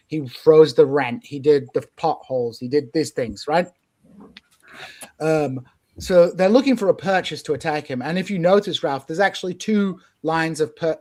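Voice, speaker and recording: Man, podcast host, fairly high-pitched, opinionated, animated casual political talk.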